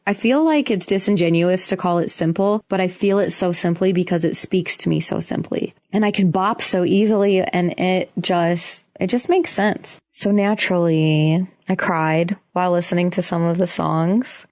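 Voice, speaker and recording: A young woman hosting a solo podcast, talking in a casual, earnest and emotional way, often restarting her sentences, in a quiet room. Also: fairly low pitch, moderate pace, hardly any pauses. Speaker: podcast host.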